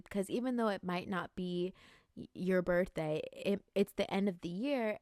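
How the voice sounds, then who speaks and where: A woman's voice: lowish voice, darkish tone, no room sound. Woman in her late 20s doing a chill podcast, musing and earnest, lots of "like", dry close sound. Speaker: podcast host. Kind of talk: reflective spiritual talk.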